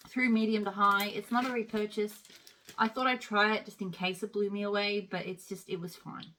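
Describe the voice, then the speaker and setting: A woman's voice: mid-range voice, fairly even intonation, fairly quick, sharp tone, a little hiss or hum. A woman chatting casually as she reviews wax melts, rambling with plenty of fillers. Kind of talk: casual product review chat.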